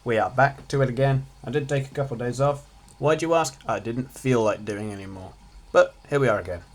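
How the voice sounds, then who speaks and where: Teen boy, casual revision talk, jokey, offhand, mid pitch. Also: brisk. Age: teens. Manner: chatty, offhand, jokey asides. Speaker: student revising on his channel.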